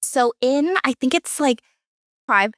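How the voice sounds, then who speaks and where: A woman with a fairly high voice hosts a relaxed interview chat, full of teasing and quick jokes. Her delivery is lively and playful, and the sound is close and dry with no room around it. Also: no room sound. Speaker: podcast host.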